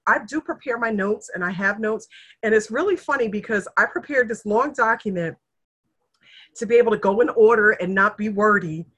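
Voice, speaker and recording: This middle-aged woman has a medium-pitched voice with a slight roughness. Appearing as a guest in casual conversation, she tells her family's history with earnest emotion, animatedly acting out anyone she quotes.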